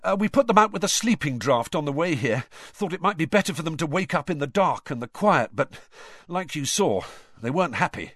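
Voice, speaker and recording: A man voicing a brisk, practical young male dragon keeper in a storybook reading. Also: a little high, expressive, fairly bright tone, no echo, clean studio sound, pitched above the performer's own voice. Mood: explaining.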